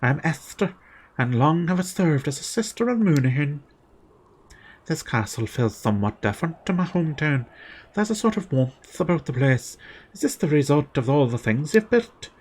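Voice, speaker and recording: Guy reading out a gentle holy sister from a game, earnest, quick, lively ups and downs. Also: fairly high pitch, voice pushed up. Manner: reads game dialogue aloud quickly, plain voice. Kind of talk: reading game text aloud.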